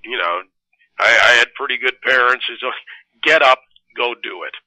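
A man's voice: mid-range voice, normal speed, bright, forceful tone, dry recording, poor audio. A man, a radio and TV host, speaking as a guest in a casual interview, plain-spoken and upbeat.

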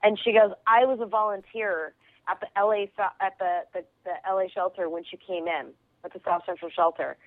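A woman comedian tells a story with big energy and quick laughs, taking on the voices of the people she meets. Her voice comes through thin and tinny, like a phone line. There is no room sound around her. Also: mid-range voice, dry recording. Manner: lively, quick, laughs easily, acts out voices in stories. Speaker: comedian and actress, interview guest. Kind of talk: animated storytelling over the phone.

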